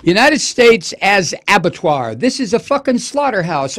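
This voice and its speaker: A man's voice: sits high, big pitch swings, measured pace, a bit bright. A man hosting a political talk radio show, delivering an impassioned, profane and sarcastic monologue.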